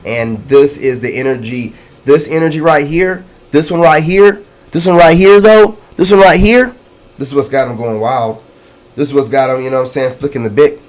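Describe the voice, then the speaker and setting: A man reads tarot casually for his viewers in a slightly high voice at a normal pace. He's excitable and full of slang, repeating catchphrases and calling out to his audience.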